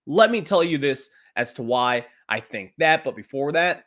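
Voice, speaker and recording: A man's voice: mid-range voice, lively intonation, normal speed, few pauses, a bit bright. A man hosting a sports podcast, ranting emphatically about a baseball contract. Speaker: podcast host.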